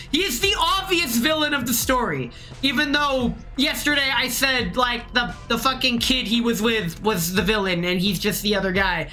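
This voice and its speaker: A tipsy woman streamer with a bright, forceful voice and a lively pitch that jumps all over. She reads game text aloud between excitable, profane tangents, with faint game music behind her. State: tipsy from drinking. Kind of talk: live game-stream commentary and reading aloud.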